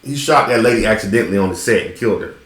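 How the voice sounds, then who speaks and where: A man's voice: lowish voice, racing, roomy sound. A man hosting a casual chat, loose and profane, laughing often. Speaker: host.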